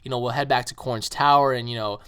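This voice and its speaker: A man's voice: medium pitch, steady tone, fast, a bit bright, clean tone, lightly acted. A man voicing a matter-of-fact stern mentor. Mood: commanding.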